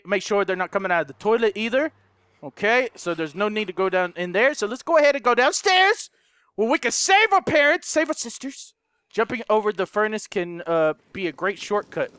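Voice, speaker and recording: Young guy yelling thru a let's play, high bright voice, frantic and sweary. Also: slight background noise. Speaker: gaming YouTuber.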